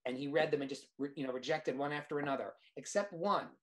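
A man, a screenwriter guest, telling a lively anecdote in casual chat, with restarts and quoted dialogue. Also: on the high side, quick pace. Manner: animated anecdote teller, restarts.

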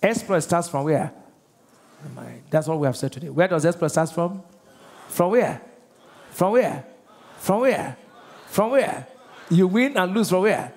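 Nigerian pastor preaching, high lively voice, keeps asking the crowd questions. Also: male voice, unhurried, creaky, long pauses. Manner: call-and-response questioning, animated, acts out voices. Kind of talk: sermon.

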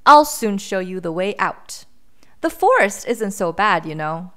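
A woman's voice: medium pitch, sing-song, a little slow, a bit bright. A woman doing a kind, cheerful storybook bear. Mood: kindly. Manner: reassuring, cheerful. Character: friendly male bear, kind and calm.

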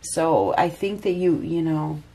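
A woman's voice: sits low, measured pace, vocal fry, mellow, husky. A woman giving a casual spoken tarot reading, chatty and repeating phrases for emphasis. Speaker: tarot reader.

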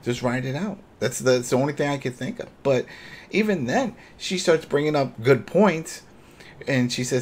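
Animated man recapping a TV episode. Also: mid-range voice, moderate pace, a little hiss or hum. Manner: animated, acts out characters' lines while retelling. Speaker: podcast co-host. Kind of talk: casual recap chat.

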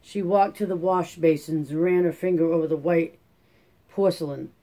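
A man reading a classic novel aloud in a steady, measured audiobook narration. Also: on the high side. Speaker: audiobook reader.

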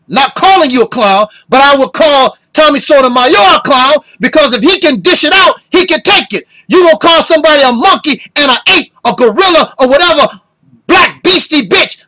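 Loud, emotional high-voiced man. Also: animated, moderate pace, rough recording. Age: 50s. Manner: loud and emotional, rhetorical questioning. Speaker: video blogger. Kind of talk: impassioned video rant.

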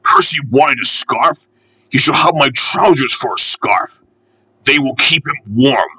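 Man doing blustering cross old railway boss for a storybook, raised lively voice. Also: medium pitch, measured pace, slightly rough, no room sound, heavily acted, low-quality recording. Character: pompous, stern older male railway boss. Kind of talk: storybook character voice.

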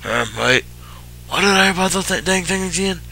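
Casting: cranky old turtle villager, voiced by a man, pitched up, brassy, old-timer drawl. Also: expressive, brisk, creaky, sharp tone, full character voice. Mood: suspicious. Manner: dramatic, indignant, old-timer phrasing. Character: fretful suspicious old male Koopa turtle villager. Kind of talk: voicing game dialogue during a let's play.

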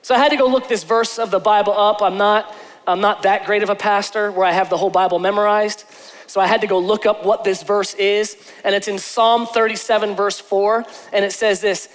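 A man preaching a sermon as pastor from a church stage, emphatic and repeating his phrases, dropping soft and then rising to a shout. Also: high-pitched, steady tone, fairly quick. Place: church stage before a congregation. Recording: echoey church hall.

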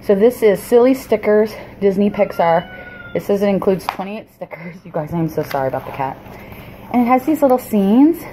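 This vlogger talks through her shopping haul from a messy home in a chatty, rambling, apologetic way, full of pauses and restarts. She has a medium-pitched, expressive, dark-toned voice, and a faint hiss or hum sits under the audio.

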